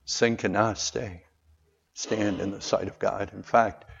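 A man preaching a sermon, calling out for amens and moving between loud, raised lines and quiet, earnest asides. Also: on the low side, fairly even intonation, unhurried, gravelly. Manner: calls for amens from the congregation. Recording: dull lo-fi sound.

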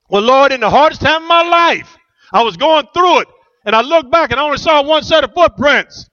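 Man, pastor, rousing sermon, bright tense voice, dull muffled recording. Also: sits high, expressive, quick pace. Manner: rousing call-and-response preaching, asks the church questions. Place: church.

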